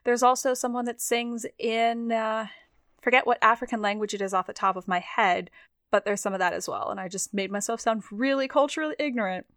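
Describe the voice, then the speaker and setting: A woman's voice: on the high side, steady tone, a little fast, fairly bright tone, dry recording, clean studio sound. A young woman co-hosting a podcast in casual chat, self-deprecating and prone to restarting her sentences. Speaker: podcast co-host.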